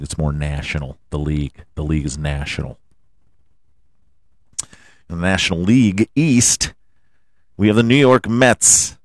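A man hosting a sports podcast, running through the standings with crude jokes, sudden loud outbursts, sing-song bits and laughter at his own gags. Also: low-pitched, fairly even intonation, unhurried, long pauses, no echo, clean studio sound. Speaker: podcast host. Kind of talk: profane comedic sports rundown.

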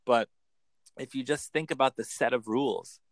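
Animated male accent coach, dry sound. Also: medium pitch, dry recording. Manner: animated, lively storytelling with quick bursts into put-on voices. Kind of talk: casual interview chat.

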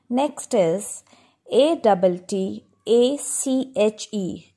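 A woman's voice: mid-range voice, expressive, takes it slowly, dark tone, breathy edge. A woman teaching schoolchildren how to pronounce words, spelling each one out letter by letter and repeating it with a patient, instructive manner. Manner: instructive, addresses class directly. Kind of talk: pronunciation lesson for schoolchildren.

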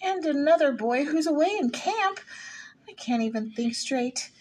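A woman's voice: sits high, expressive, unhurried, a little mellow. A woman playing a flustered nervous housewife. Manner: flustered, breathless chatter. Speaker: actor in a rehearsal. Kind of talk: rehearsed stage play reading.

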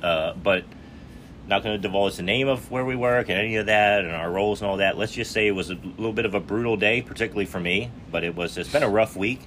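A man co-hosting a casual podcast, joking and loud as he chats with his friend. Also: on the low side, fast talker, a little hiss or hum. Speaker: podcast co-host. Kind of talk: casual chat.

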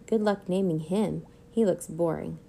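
A woman's voice: on the low side, a little slow, vocal fry, warm tone, slight background noise. A woman reading as a bossy, mocking girl. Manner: teasing, mocking. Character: bossy, boastful young girl dragon trainee.

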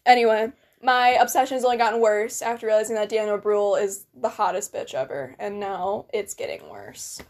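A woman's voice: mid-range voice, normal speed. A young American woman in casual chat, blunt and joking, swearing freely. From United States.

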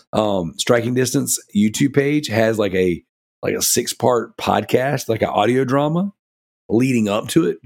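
A man's voice: medium pitch, creaky, darkish tone, slightly rough. A man co-hosting a casual gaming podcast, rambling and enthusiastic, with many fillers like "you know" and "like". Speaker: podcast co-host.

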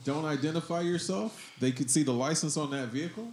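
A man's voice: a little high, fairly quick, a little mellow, husky. A man in casual chat who argues his point and talks over the others. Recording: roomy echo, faint noise.

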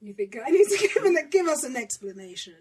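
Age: middle-aged. Sex: woman. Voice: higher, set back from the mic. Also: sing-song, fast, darkish tone, recorded from a distance. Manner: teasing, playful. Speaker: podcast co-host, mother. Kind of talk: casual family podcast chat.

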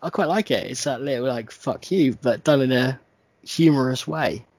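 A man co-hosts a casual podcast with a husky, slightly breathy voice. He sounds sleepy but stays lively and swears freely. The sound is dry and close, with no room echo. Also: mid-range voice, moderate pace. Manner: sweary, animated, mimics people in silly voices. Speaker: podcast co-host. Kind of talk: casual chat.

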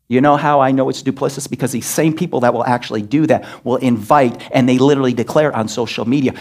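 A pastor delivering an emphatic sermon in a church, scolding and asking rhetorical questions. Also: male voice, medium pitch, expressive, fast talker, few pauses, slightly rough. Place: church sanctuary.

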